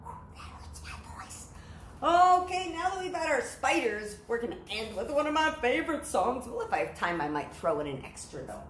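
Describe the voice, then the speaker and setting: A middle-aged woman with a Southern US accent, a librarian gently leading a children's sing-along, singing and chatting playfully. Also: high voice, big pitch swings, fairly quick, hardly any pauses, a little hiss or hum. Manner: gentle, playful, sings then chats. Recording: roomy sound with faint ukulele.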